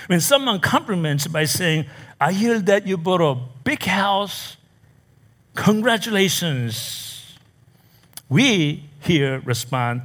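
A pastor preaches to his congregation in a church. His delivery is slow and deliberate, and his voice rises and falls a lot. His pitch sits a little high for a man. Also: sing-song, a bit bright. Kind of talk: sermon. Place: church in America.

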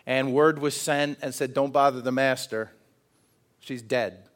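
A man's voice: mid-range voice, steady tone, unhurried. A man preaching a sermon in an earnest way, often asking the congregation questions. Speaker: pastor.

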